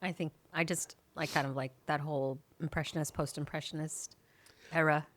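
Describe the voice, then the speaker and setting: A woman's voice: low voice, steady tone, moderate pace. A young woman chatting as a podcast guest, teasing and laughing easily. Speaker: podcast guest, host's sister. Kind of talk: casual chat.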